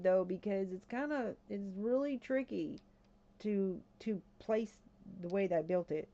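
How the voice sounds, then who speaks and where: Live-streaming a game, a woman talks to herself and her viewers in casual chat, her mid-range voice warm and measured, though the audio sounds dull. She grows increasingly alarmed and exclaims often.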